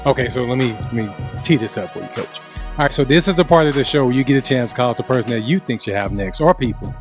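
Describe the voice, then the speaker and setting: A man's voice: medium pitch, lively intonation, fast talker, faint music behind. A male podcast co-host in casual, laid-back chat, teasing his partner.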